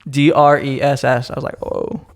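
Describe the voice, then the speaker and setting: A man's voice: medium pitch, monotone, brisk, gravelly. A young man co-hosting a casual podcast, telling rambling stories full of fillers. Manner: rambling storytelling with frequent fillers. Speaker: podcast co-host. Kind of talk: casual chat.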